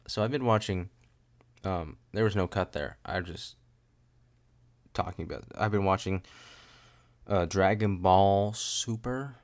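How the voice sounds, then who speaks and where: Young male podcast host with a deep, gravelly voice who rambles and jokes loosely. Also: measured pace, pauses often, darkish tone. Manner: rambling, jokey, lots of "dude" and fillers. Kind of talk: casual rambling chat.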